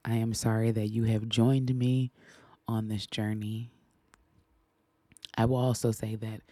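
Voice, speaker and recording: A middle-aged woman hosts her podcast in a mellow, dark-toned voice, speaking earnestly and haltingly with frequent restarts. The sound is dry and close, with no room around her. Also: a bass voice, flat delivery, no room sound. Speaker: podcast host. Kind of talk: reflective podcast monologue.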